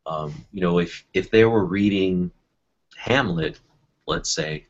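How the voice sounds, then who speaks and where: A man with a very low, husky voice talks things through slowly, full of fillers and small restarts. The sound is dull and lo-fi, like an online call. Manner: thoughtful, many fillers and restarts. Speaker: educator in a panel discussion. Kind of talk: casual discussion.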